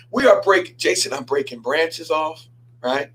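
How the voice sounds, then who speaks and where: A man, a pastor hosting a show, telling a story in a lively sermon style, repeating himself and stumbling over words as he goes. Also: on the high side, normal speed, rough recording. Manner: animated, repeats himself and stammers.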